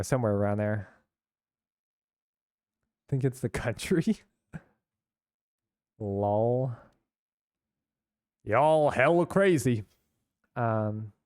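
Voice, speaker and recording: A man's voice: mid-range voice, darkish tone, clean tone, dry recording, clean studio sound. A young man from San Francisco chatting casually with his chat while streaming a game, rambling and laughing along.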